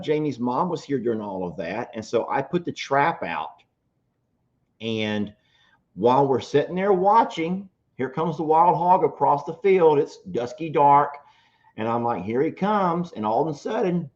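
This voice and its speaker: A man's voice: mid-range voice, animated, a little slow, darkish tone. A man, co-hosting a farm sanctuary show in casual, joking chat. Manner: folksy storyteller, joking. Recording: dull lo-fi sound.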